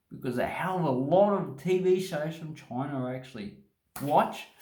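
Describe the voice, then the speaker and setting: Australian man, casual phone vlog, animated pitch, roomy echo. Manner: chatty, joking, rambling asides. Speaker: vlogger. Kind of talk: casual explainer monologue. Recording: echoey room on phone.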